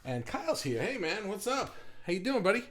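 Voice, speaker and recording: A man's voice: high-pitched, sing-song, fairly quick, fairly bright tone. Chatty man hosting a livestream. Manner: rambling, chatty, with many fillers and restarts. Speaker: host of an online art group livestream. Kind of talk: casual livestream chat.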